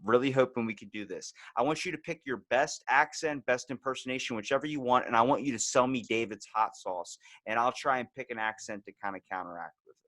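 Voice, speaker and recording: A man's voice: mid-range voice, quick pace, a bit bright, no room sound. A man hosting a podcast, talking in loose, run-on sentences. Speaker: podcast host. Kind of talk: casual interview chat.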